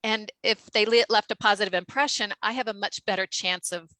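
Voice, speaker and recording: A woman's voice: medium pitch, fairly quick, bright, forceful tone, dry recording, poor audio. A woman guest telling a story in casual chat, full of fillers and acted-out quotes. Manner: chatty, many fillers, acts out quotes.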